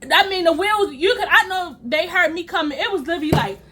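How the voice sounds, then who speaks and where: Woman, storytime vlogger, very high voice, bright and sharp, animated, swears a lot, acts out scenes. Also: quick pace. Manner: emphatic, profane, reenacts scenes with sound effects.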